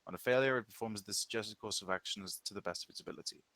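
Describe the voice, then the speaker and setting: A man's voice: fairly low pitch, racing, fairly bright tone, dry recording. A man playing in a tabletop game, thinking aloud as he reads spell rules and weighs his options. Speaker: player. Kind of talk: casual tabletop game chat.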